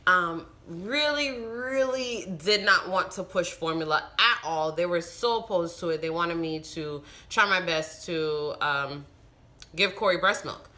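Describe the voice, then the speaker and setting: Bright-voiced woman telling a story. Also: on the low side, unhurried. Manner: animated, emphatic retelling with frustrated outbursts. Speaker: vlogger and new mother. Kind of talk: casual storytelling to camera.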